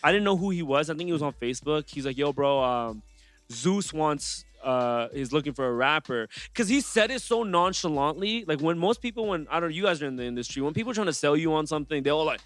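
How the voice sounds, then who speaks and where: A young man, a rapper guest on a podcast, telling his story in a casual, animated way and acting out what others said to him in slang. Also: fairly high pitch, rapid-fire, hardly any pauses, no room sound. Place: podcast studio.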